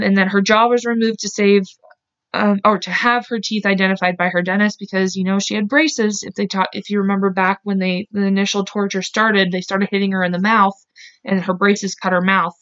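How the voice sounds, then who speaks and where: A woman's voice: mid-range voice, fairly bright tone. Woman, true crime podcast host, chatty, lots of "like" and "um", blunt, slightly muffled lo-fi sound. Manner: chatty, heavy use of "like" and "um"; openly emotional and blunt. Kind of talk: casual true crime storytelling.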